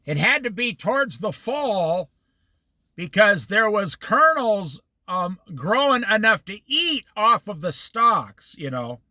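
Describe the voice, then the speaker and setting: A man leading an informal Bible study, explaining scripture in an animated, storytelling way and acting out the quotes. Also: sits high, takes it slowly, no echo.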